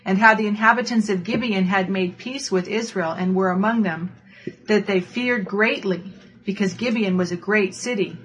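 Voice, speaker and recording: A woman from the congregation reading scripture aloud in a steady, plain way. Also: mid-range voice, normal speed. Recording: dull lo-fi recording.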